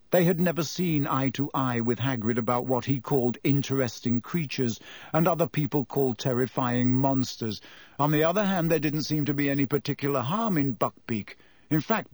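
A man's voice: mid-range voice, a little mellow, no echo. Man narrating a storybook, dry sound. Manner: measured storytelling. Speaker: audiobook narrator. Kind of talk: scripted narration.

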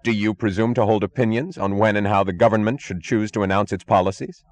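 A man voicing a calm, hard, authoritative male rescuer in an audiobook. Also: fairly low pitch, fast talker, no echo, close to an everyday voice. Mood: cold command. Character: cold, commanding male rescuer. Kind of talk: audiobook character voice.

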